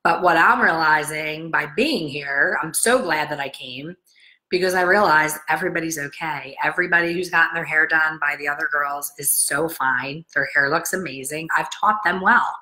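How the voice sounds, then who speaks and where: A woman's voice: sits low, normal speed, rough recording. A middle-aged woman who owns a salon, giving a casual, blunt motivational talk to camera and acting out the people she quotes. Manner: chatty, blunt, animated, acts out quotes. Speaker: salon owner and hair colorist coach.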